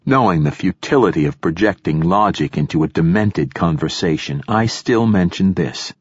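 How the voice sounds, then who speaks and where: A man reading a first-person novel aloud as an audiobook narrator, in a dry, measured way. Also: low voice, expressive, slightly rough, no room sound.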